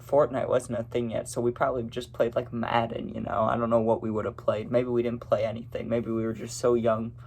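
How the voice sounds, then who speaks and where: A man's voice: medium pitch, flat delivery, a little fast, hardly any pauses, a little mellow, slight background noise. A young man telling a casual personal story, rambling and filling his talk with "you know" and "right".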